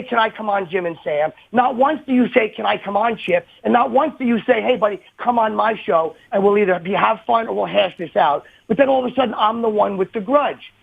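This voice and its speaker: A radio host arguing indignantly on air, aggrieved and insistent, heard over a phone line. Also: male voice, high voice, vocal fry, husky. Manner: indignant, aggrieved, fast back-and-forth. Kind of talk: heated on-air argument.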